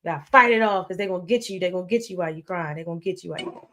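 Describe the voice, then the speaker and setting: A woman does casual live-stream commentary over a streaming setup, speaking very fast in a lowish voice with background noise present. She talks emphatically, repeats phrases and drifts into preachy asides.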